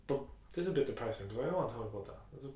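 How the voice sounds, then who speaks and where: A man's voice: medium pitch, lively intonation, rapid-fire, dark tone. A young man co-hosting a podcast, chatting casually, loose and swearing freely. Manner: loose and crude, swears a lot. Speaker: podcast co-host. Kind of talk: casual chat. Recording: echoey room.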